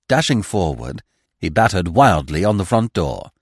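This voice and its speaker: A man narrating a classic mystery novel as a podcast reader, in a measured, expressive storytelling manner. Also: low-pitched, slightly rough, no room sound, clean studio sound. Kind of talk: audiobook reading of a classic mystery.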